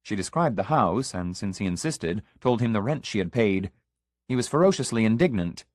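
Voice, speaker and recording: A man reading an audiobook as narrator, in measured, even storytelling. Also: fairly low pitch, no room sound, clean studio sound. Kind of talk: scripted narration.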